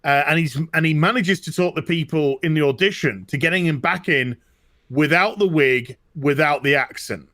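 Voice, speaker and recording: A British man telling stories in a casual chat, animated and swearing freely. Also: a little high, normal speed, dry recording, clean studio sound. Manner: animated storytelling, swearing, mock accents. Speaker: co-host.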